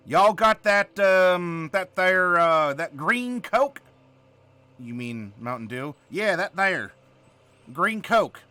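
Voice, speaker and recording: Man putting on a hollering Southern country guy, broad drawl, folksy, bright and twangy, higher than his usual voice, swinging pitch. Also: expressive, slow, dry recording, full character voice. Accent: exaggerated Southern drawl.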